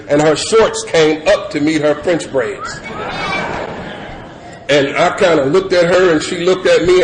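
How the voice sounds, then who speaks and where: A middle-aged man sharing his personal recovery story at a meeting, animated and laughing, with lots of "you know" fillers. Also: fairly high pitch. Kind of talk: personal testimony share. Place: meeting hall with audience. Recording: echoey hall with crowd noise. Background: audience murmur and ambience.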